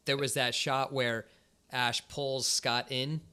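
A man's voice: medium pitch, level tone, takes it slowly, sharp tone, clear, resonant tone. A man co-hosting a podcast, talking through a film in a thoughtful, analytical way while searching for the right words. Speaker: podcast co-host. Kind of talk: casual movie review chat.

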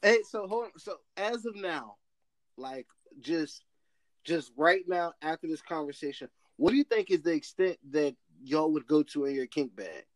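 A man's voice: fairly high pitch, expressive, moderate pace, dry recording. A man co-hosting a casual podcast chat, teasing and laughing a lot. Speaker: podcast co-host.

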